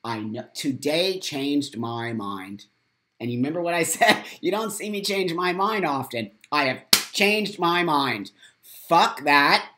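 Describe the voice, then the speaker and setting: A man's voice: a little high, lively intonation, takes it slowly, pushed and bright, slight background noise. An American man hosting a live morning vlog, reading viewer comments aloud and ranting angrily with lots of swearing and repeated phrases. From United States. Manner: angry, profane ranting.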